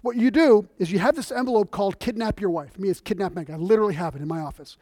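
High-voiced, lively male preacher. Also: fast, no echo, clean studio sound. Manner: animated, conversational, storytelling. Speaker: visiting missionary preacher. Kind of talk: sermon. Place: church.

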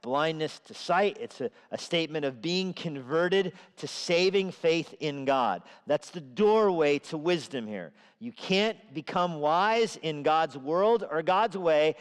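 A man's voice: on the high side, animated, takes it slowly, hardly any pauses, clear, resonant tone, long reverb tail. A man preaching a sermon in a conversational way, sometimes acting out the voices he quotes. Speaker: pastor. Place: church sanctuary.

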